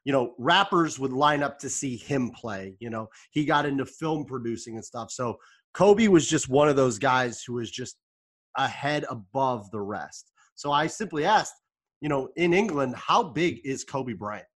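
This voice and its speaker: A man's voice: mid-range voice, lively intonation, measured pace. A man from the United States co-hosting a sports podcast, talking casually and explaining at length with a joking streak. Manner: jokey, chatty, explains at length. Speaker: podcast co-host.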